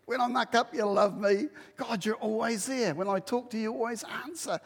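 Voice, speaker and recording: A man's voice: extremely high pitch, fairly quick, in a large hall. A middle-aged man preaching a sermon, telling a story and acting out the dialogue with lots of energy. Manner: animated storytelling, acts out dialogue. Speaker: pastor.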